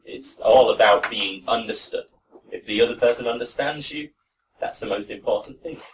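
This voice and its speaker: A man teaching pronunciation in a classroom, relaxed and encouraging with his students. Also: mid-range voice, moderate pace, a little hiss or hum. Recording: voice from far off.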